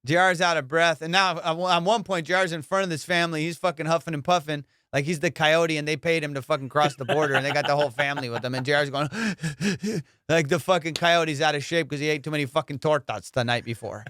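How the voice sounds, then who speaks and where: Animated, profane comedian host with a clear voice. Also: male voice, a little high, fast talker, hardly any pauses, dry recording, studio quality. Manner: profane, animated storytelling with laughs. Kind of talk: casual podcast chat.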